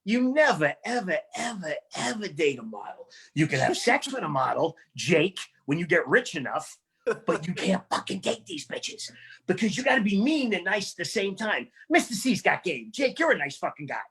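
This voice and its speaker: A man doing a loud, rambling, profane stand-up set at a small comedy venue, acting out other people's voices. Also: sits high, big pitch swings, normal speed, husky.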